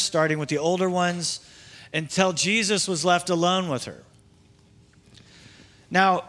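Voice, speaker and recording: Higher-voiced pastor preaching conversationally. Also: male voice, fairly bright tone. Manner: conversational preaching with asides and restarts. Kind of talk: sermon.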